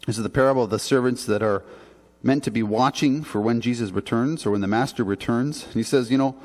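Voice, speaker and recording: A man's voice: medium pitch, a little fast, darkish tone. A man preaching a sermon as a pastor, in an earnest, conversational way with emphatic rises on key points. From Canada. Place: church sanctuary. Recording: long church reverb.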